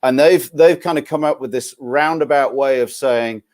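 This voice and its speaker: A man's voice: medium pitch, moderate pace, hardly any pauses, darkish tone. A man from northern England with a Northern English accent, a guest expert chatting casually and explaining tax rules with frequent restarts. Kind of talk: casual live-stream chat.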